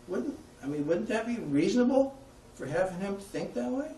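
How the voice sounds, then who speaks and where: A man's voice: high-pitched, expressive, normal speed, hardly any pauses, mellow, distant mic, a little hiss or hum. A man giving a conversational public talk, putting questions to his audience. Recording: echoey room, heard from afar.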